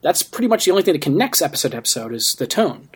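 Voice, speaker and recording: A man's voice: a little high, sing-song, rapid-fire, breathy edge. A young man co-hosting a casual podcast, explaining things at length with many fillers. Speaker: podcast co-host.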